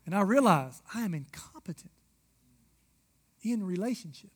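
Man preaching, high pitch, candid personal tone, addressing the congregation. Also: expressive, moderate pace, long pauses, husky. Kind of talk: sermon to a men's audience.

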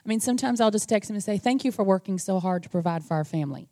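A woman's voice: mid-range voice, animated, racing, mellow. A woman sharing practical marriage advice beside her husband in an earnest, chatty way. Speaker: pastor's wife, co-speaker. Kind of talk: conversational sermon.

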